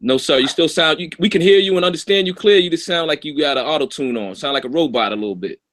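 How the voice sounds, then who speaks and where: A man on an online call, talking casually and politely in a halting way with fillers. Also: on the high side, fairly bright tone. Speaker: call participant.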